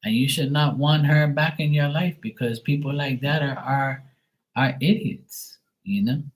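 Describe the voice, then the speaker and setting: A man's voice: mid-range voice, a little slow, poor audio. A man chatting casually on a live tarot stream, blunt and swearing freely. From Bermuda.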